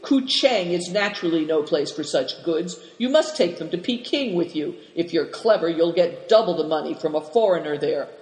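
Gruff, snarling male crook from a storybook, growled by the reader. The voice rings around a roomy hall with a long tail of reverb. Harsh and bad-tempered throughout. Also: medium pitch, animated, moderate pace, few pauses, a little mellow, close to an everyday voice. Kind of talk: storybook reading.

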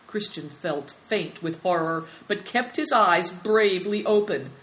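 A woman narrating a children's storybook in an expressive reading. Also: on the low side, measured pace, low-quality recording.

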